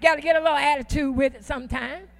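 High-voiced woman preaching a fervent sermon. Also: fairly even intonation, gravelly. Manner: call-and-response preaching, drawn-out emphatic phrases; folksy, uses "ain't" and "y'all". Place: church.

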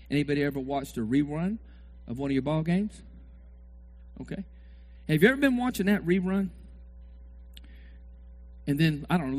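A middle-aged man preaching a sermon, acting out sports fans yelling at the TV. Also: a little high, husky. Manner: animated, acts out fans shouting at the TV.

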